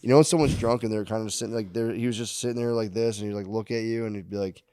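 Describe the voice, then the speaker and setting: Low-voiced man telling loose stories. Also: fairly even intonation, rapid-fire, warm tone, clean tone, no echo. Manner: loose storytelling, frequent swearing and laughing. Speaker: podcast host. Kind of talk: casual comedy podcast chat.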